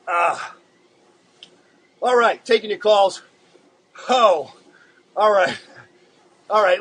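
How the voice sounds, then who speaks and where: A man with a high, slightly bright voice hosts a casual drawing show streamed live. He talks to viewers in a relaxed, rambling manner, halting often with filler words. The recording quality is rough.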